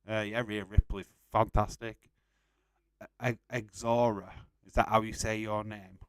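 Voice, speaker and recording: A man's voice: on the low side, little pitch movement, unhurried, smooth, no echo. A young man casually hosting a live stream, reading out and answering chat messages and laughing often.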